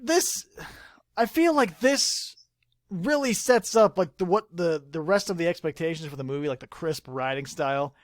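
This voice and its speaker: A man's voice: a little high, moderate pace, dry recording, clean studio sound. A man hosting a casual podcast chat, retelling a film with lots of swearing, laughter and acted-out lines. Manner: animated storytelling, swears freely, acts out movie lines. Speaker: podcast host.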